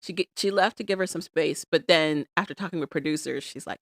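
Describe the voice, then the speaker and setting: A woman co-hosting a podcast, recapping reality TV in an animated, exasperated, emphatic way. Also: sits low, fast talker, no echo, clean studio sound. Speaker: podcast co-host. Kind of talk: casual chat recapping reality TV.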